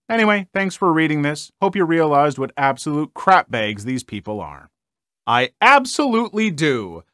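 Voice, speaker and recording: A man reading internet stories aloud and adding his own lively comments between them, on a close, dry mic. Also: mid-range voice, no room sound. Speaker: story reader and commentator.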